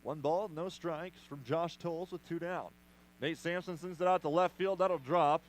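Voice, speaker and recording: A man doing play-by-play commentary for a baseball radio broadcast, brisk with playful asides. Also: on the high side, fairly even intonation, slight background noise, rough recording. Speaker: play-by-play announcer.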